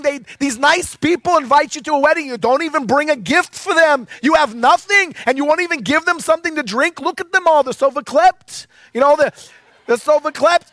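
A man's voice: very high-pitched, moderate pace, a bit bright, no room sound, pitched above the performer's own voice. A man voicing an exasperated middle-aged mother who scolds her son with whiny, sighing complaints. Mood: nagging. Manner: whiny, scolding, with heavy sighs.

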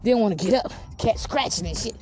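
A woman's voice: on the high side, fast talker, a little mellow, soft background music. A woman telling a comic animal story in a rambling, profane way, with frequent asides to the listener. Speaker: podcast host.

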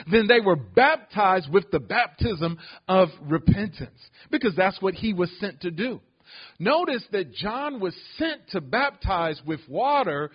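High-voiced husky pastor preaching. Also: male voice, lo-fi sound. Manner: preaching with call-outs to the congregation. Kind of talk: sermon.

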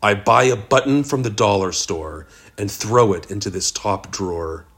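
A man's voice: lowish voice, moderate pace, fairly bright tone, breathy edge. A man voicing a sinister male barkeep who kills for sport, speaking in a matter-of-fact, methodical way. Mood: calm menace.

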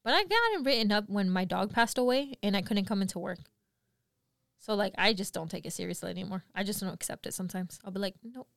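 A young woman co-hosting a podcast, telling work stories in casual chat, animated and laughing often. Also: medium pitch, fast, creaky, no room sound, clean studio sound. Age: young adult. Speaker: podcast co-host.

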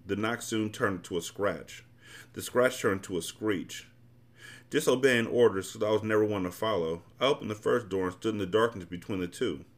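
A man hosting a podcast, reading a novel aloud and then commenting bluntly and casually. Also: on the low side. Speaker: podcast host and reader.

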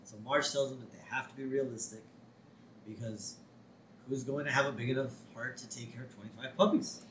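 A man co-hosting a podcast, chatting casually as he recaps an episode and slips into quick character voices when quoting. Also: mid-range voice, steady tone, a bit bright, echoey room, a little hiss or hum. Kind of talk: casual chat.

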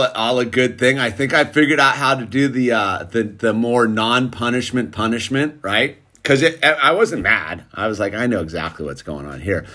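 A man's voice: medium pitch, pushed and bright. Rambling man telling a family story. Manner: rambling, peppered with dude and like. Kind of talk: casual storytelling to camera.

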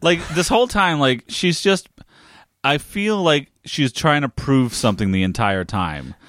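A man's voice: on the high side, lively intonation, a little slow, a bit bright, no echo, clean studio sound. A man co-hosting a podcast, chatting casually and joking about the episode. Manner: joking, laughs easily. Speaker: podcast co-host. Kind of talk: casual chat.

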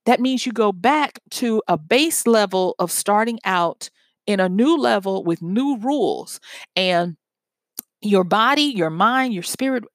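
A woman's voice: mid-range voice, dry recording. A woman giving an earnest, conversational motivational talk built on everyday examples.

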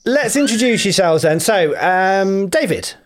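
A man's voice: high voice, expressive, a little slow, a crowd in the background. A man hosting a casual podcast chat, introducing guests with a laugh. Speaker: podcast host.

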